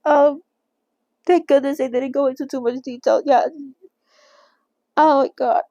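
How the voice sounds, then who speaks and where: A young woman with a high, bright-toned voice hosts a casual read-along of a novel. She reads in a halting way, breaks off to react with emotional gasps and restarts, then goes back to the page. The recording is close and dry. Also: fairly even intonation, no echo, lo-fi sound. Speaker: channel host reading a novel aloud.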